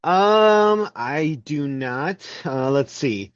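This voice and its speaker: A man's voice: fairly high pitch, animated, extremely slow, smooth, lo-fi sound. A man co-hosting a comic book podcast, joking and giggling as he retells scenes. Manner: joking, giggly, drawls folksy voices when retelling. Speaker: podcast co-host. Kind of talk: casual comic book review chat.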